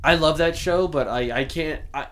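A man's voice: fairly high pitch, normal speed, a bit bright. A young man in casual chat with friends, rambling and swearing as he retells a cartoon scene. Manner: rambling, lots of fillers and restarts, swearing. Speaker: friend in conversation.

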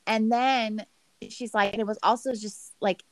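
A woman's voice: a little high, steady tone, measured pace, dry recording. Give me a woman gossiping in a casual recap chat, recorded dry and close. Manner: chatty, gossipy, heavy use of "like".

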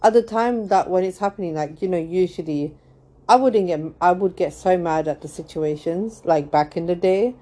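A woman's voice: fairly low pitch, moderate pace, dark tone. A young woman hosting a casual gossip podcast, rambling with lots of fillers and frequent laughter. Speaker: podcast host.

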